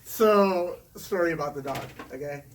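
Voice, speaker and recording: Middle-aged man, chatty animated storyteller, recorded from a distance. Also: fairly high pitch, moderate pace. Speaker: interview guest, former teacher. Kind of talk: casual storytelling. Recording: distant mic with faint room noise.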